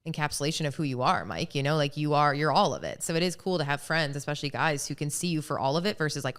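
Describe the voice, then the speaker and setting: A woman co-hosting a podcast in casual chat, lively, laughing often and acting out little bits as she talks. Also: low-pitched, fast talker, hardly any pauses.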